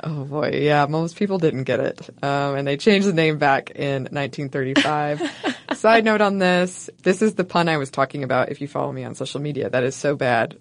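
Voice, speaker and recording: A woman co-hosting a podcast, narrating a history segment from a script in a wry, playful way with soft laughs. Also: deep voice, moderate pace. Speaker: podcast co-host.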